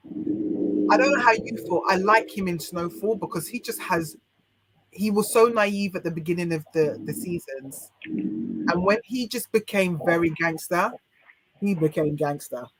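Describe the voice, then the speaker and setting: A woman's voice: fairly low pitch, a bit bright, no echo. A British woman chats casually as a guest on a podcast. She gives her opinions bluntly and often stops mid-phrase to start again. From United Kingdom. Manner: frank and opinionated, many restarts. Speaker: podcast guest, life coach.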